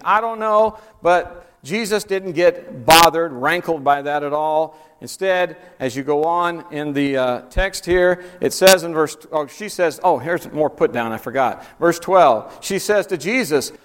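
A man preaching a sermon, animated and conversational, acting out quoted speakers with sudden jumps in his voice. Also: a little slow, hardly any pauses, clear, resonant tone, long reverb tail. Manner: animated, acts out quotes with rising pitch. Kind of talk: sermon on soul-winning.

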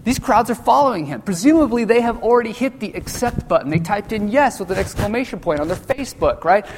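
A man preaching a sermon in a loose, conversational way, full of jokey asides and quick acted-out voices for the people in his stories. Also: high-pitched, lively intonation, a little hiss or hum. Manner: casual, jokey asides, acts out quoted voices. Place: church sanctuary. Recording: long church-hall reverb.

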